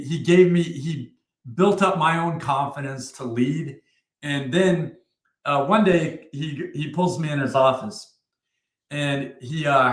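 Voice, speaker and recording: A middle-aged retired army sergeant tells war stories as an interview guest, bluntly and profanely, with plenty of fillers and restarts. His mid-range voice is a bit bright, and the sound is roomy.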